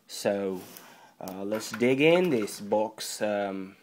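A young man casually unboxing a drawing tablet on camera, joking around, swearing and filling pauses with ums. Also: on the low side, lively intonation, a little mellow. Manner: playful, swears, mock-panics, trails off with fillers.

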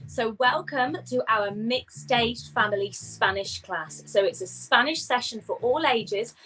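A woman's voice: fairly high pitch, pushed and bright, low-quality recording. A woman teaching a live online Spanish class for young children, cheerful and sing-song, drawing out words to model pronunciation. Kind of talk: live-streamed kids' language class. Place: home.

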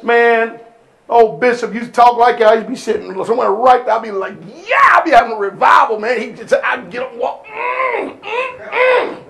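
Preacher guy w a high voice, speaks aave, yells then goes quiet, fiery sermon. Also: a little fast, gravelly. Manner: preaching loud with sudden shouts and drops. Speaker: pastor. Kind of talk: fiery call-and-response sermon.

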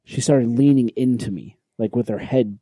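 A man co-hosting a podcast, telling a story in a casual, animated way, swearing and acting out what people said. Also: medium pitch, moderate pace, slightly rough, no room sound. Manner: animated, swearing, acts out quoted lines. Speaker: podcast co-host. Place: podcast recording room.

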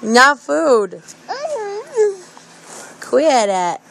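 A woman's voice: on the high side, expressive, very slow, gravelly, fairly bright tone, slight background noise. A woman filming her baby on a phone, teasing and scolding in playful sing-song baby talk. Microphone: handheld phone.

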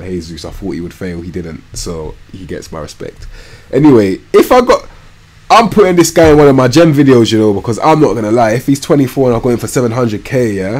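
A young man, giving slangy, animated live commentary on a football management game, muttering one moment and shouting the next. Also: on the low side. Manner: slangy, animated, swings from mumbled asides to loud outbursts. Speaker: gaming streamer.

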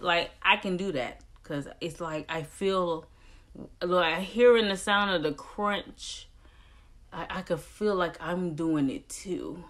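A young woman chats to her camera in a relaxed vlog, her voice sitting fairly low. She talks slowly and lingers over her words, breaking into whiny, animated quotes as she retells things. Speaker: vlogger. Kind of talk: casual vlog talk.

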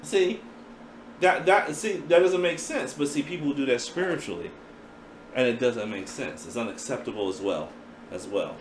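A man preaching a sermon in a playful, animated way, acting out voices as he teaches. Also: medium pitch, normal speed, echoey room, slight background noise.

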